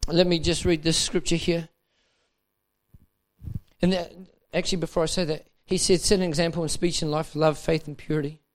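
High-voiced man preaching with fervor. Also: flat delivery, normal speed. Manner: impassioned, repeats phrases, rises to urgent emphasis. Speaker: pastor. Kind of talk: preaching a sermon. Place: dinner event hall.

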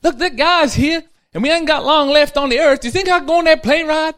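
A man voicing an eager, whiny 95-year-old husband who pleads and gets excited. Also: brisk. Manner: pleading, excitable, high put-on voice.

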